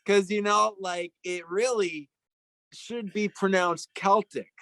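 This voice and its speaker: A man's voice: high-pitched, steady tone, slow, fairly bright tone, no echo, low-quality recording. A man chatting casually in a rambling, joking way, often searching for words. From Italian heritage. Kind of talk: casual chat.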